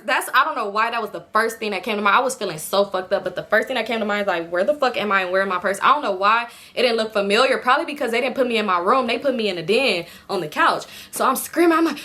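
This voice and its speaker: A young woman tells a wild personal story at a rapid clip, her voice bright and forceful. She slips into the voices of everyone involved, quoting their outbursts with plenty of swearing, as a casual storytime vlogger. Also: a little high. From California, US. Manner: animated retelling, voices others with expletive-laden quoted outbursts.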